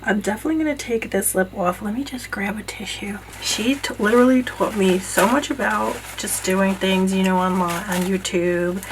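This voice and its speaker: A woman vlogger gushing over gifts in a casual unboxing video, bursting with excitement and often dropping to a hushed voice. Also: medium pitch, moderate pace, few pauses, a little hiss or hum, rough recording. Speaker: beauty vlogger. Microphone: camera mic.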